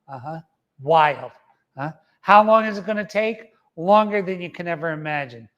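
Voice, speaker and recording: Middle-aged guy doing a motivational talk, kinda high voice, hammers his points, says uh-huh a lot. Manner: emphatic, repeats key phrases, adds "uh-huh" after his points. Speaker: motivational speaker.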